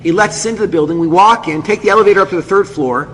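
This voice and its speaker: A rabbi and speaker with a high-pitched voice talks at a rapid-fire clip, recounting a personal story to an audience. He's animated and acts out every character's voice. The recording has long hall reverb and faint noise.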